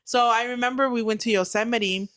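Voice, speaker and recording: A woman's voice: on the high side, fairly even intonation, brisk, fairly bright tone. Young woman guest, casual storyteller, salty, acts out quotes. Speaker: guest, new mother. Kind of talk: casual chat.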